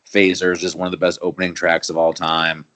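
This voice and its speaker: A man's voice: sits low, monotone, fairly quick, sharp tone, rough recording. Rambling casual male podcast host. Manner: rambling, swearing, restarting thoughts.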